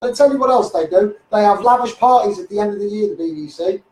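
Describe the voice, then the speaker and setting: A man's voice: high voice, quick pace, a little mellow, recorded from a distance. A man with a Scouse accent ranting heatedly on a live stream, repeating himself and calling the listener mate. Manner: heated, repetitive, keeps saying "mate" and "you know what I mean". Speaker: self-styled campaigner. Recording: echoey room, voice off the mic.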